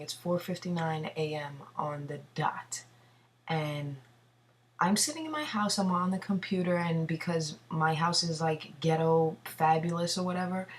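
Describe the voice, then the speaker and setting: A young woman tells a story in a rambling, profane, animated way, sitting at a computer in her home bathroom. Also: sits low, distant mic, slight background noise. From New York City. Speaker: vlogger. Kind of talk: casual storytelling. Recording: voice from away from the mic.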